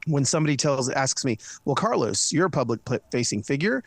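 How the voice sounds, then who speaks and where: A man as an interview guest, talking in a casual, earnest and animated way with frequent restarts. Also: mid-range voice, a little fast, creaky, dry recording. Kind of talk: casual conversational storytelling. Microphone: studio mic.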